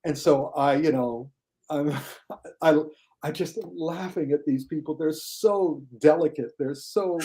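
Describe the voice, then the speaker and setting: A man talking casually as a guest critic on a podcast, enthusiastic, and mocking critics in a high whiny voice. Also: slow, warm tone.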